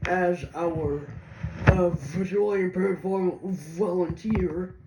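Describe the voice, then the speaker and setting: Taking things slowly in a high, steady voice, a tech video host walks viewers through a screen reader from his computer indoors. His explanation is casual and halting, rambling and restarting often, and the roomy recording carries faint noise.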